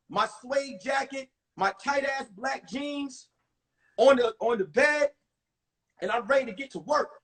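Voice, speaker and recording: A man from New York performs a one-man comedy show, telling stories and jumping into every character with animated delivery. His voice sits very high for a man and has a raspy edge. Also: recorded from a distance, rough recording.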